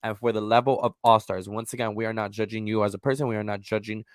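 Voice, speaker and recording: Podcast co-host, male, lively and profane, close dry mic. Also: fairly low pitch, fast, no room sound. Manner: animated, profane, swings into loud mock voices. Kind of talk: casual chat.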